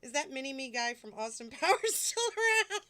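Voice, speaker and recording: A woman's voice: high voice, big pitch swings, normal speed, pushed and bright. A woman hosting a live stream, chatting casually and rambling, swearing often and laughing between thoughts. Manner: rambling, profane and giggly, reading out chat. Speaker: livestream host.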